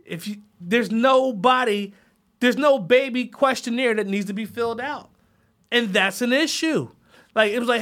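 A man's voice: extremely high pitch, normal speed, a bit bright. A man hosting his own podcast, ranting heatedly with lots of profanity. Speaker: podcast host. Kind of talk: solo podcast rant.

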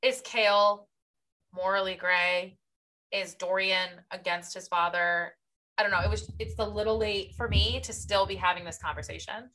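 A woman co-hosting a casual book podcast, giving expressive, opinionated reactions. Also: medium pitch, moderate pace. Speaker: podcast co-host.

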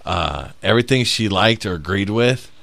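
Profane, animated male comic telling stories. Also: on the low side, normal speed, vocal fry, a little hiss or hum. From South Bend, Indiana. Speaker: podcast co-host, stand-up comic. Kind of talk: casual storytelling chat.

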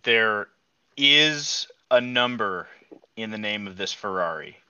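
A man co-hosting a casual podcast, running a car guessing game with a teasing, drawn-out delivery. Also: lowish voice, expressive, pushed and bright, smooth, no echo, dull audio. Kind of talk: casual chat.

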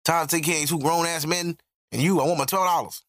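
A man putting on the voice of his grumpy older father, gruff and curt. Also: on the high side, fairly even intonation, fast talker, fairly bright tone, voice pushed up. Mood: grumbling.

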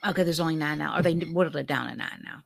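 A woman co-hosting a podcast, chatting casually and telling animated stories with frequent laughter over a video call. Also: deep voice, quick pace, vocal fry, no room sound, clean studio sound. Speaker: podcast co-host. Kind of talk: casual chat.

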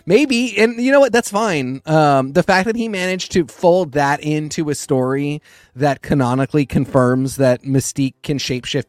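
A man's voice: mid-range voice, smooth, no echo. A man co-hosting a comics podcast, talking casually and rambling, often restarting his sentences. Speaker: podcast co-host. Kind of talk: casual chat about comics.

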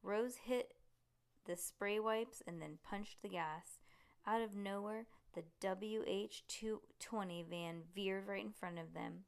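A woman reading a children's story aloud with lively pacing and the odd slip and restart. Her voice has a gravelly, creaky grain. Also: medium pitch, takes it slowly. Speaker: reader.

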